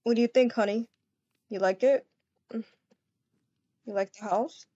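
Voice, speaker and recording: A woman voicing an affectionate young adult boyfriend in a game role-play, talking softly and doting. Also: on the high side, steady tone, a little slow, no echo, muffled recording, pitched below the performer's own voice. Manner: soft, doting, calls partner baby.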